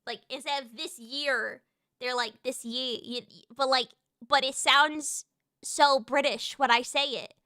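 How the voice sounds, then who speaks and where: Excitable young woman streamer, bright high voice. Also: normal speed, dry recording, studio quality. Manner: excitable, with sudden shouted outbursts. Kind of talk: casual live-stream chat.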